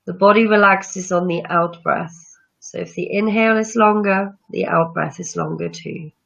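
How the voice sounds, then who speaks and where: Woman, low gravelly voice, calm guided breathing meditation, dull lo-fi recording. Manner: slow, soothing instructions. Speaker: yoga teacher. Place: room with chairs, not a studio. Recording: dull lo-fi sound.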